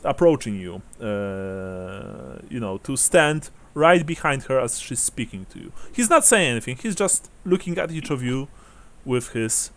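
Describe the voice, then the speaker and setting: A man narrating as game master of a tabletop game, halting with many fillers and occasional chuckles. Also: mid-range voice.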